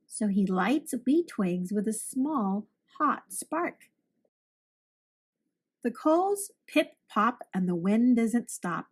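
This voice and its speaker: A woman teacher reading a children's picture book aloud in an expressive storytelling manner. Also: a little high, takes it slowly, slightly rough.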